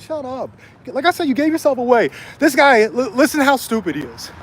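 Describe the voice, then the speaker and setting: A man's voice: high-pitched, expressive, moderate pace, a little hiss or hum. A man ranting angrily on a livestream from a city street, swearing and taunting a rival, recorded on a cell phone. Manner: angry, profane, taunting.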